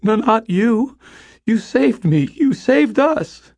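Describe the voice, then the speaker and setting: A man's voice: lively intonation, slow, darkish tone, no echo, heavily acted. A man doing a terrified teenage boy wizard. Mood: pleading whisper. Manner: high, squeaky, breathy with fear.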